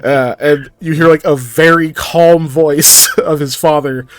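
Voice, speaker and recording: A man's voice: fairly high pitch, steady tone, unhurried, dry recording. A man running a tabletop game as game master, rambling and laughing often through his narration.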